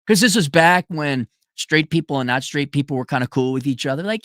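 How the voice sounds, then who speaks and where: A man's voice: a little high, expressive, brisk, hardly any pauses, a bit bright, no echo, clean studio sound. A man delivering a profane, sarcastic ranting monologue, breaking into mocking voices. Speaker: commentator.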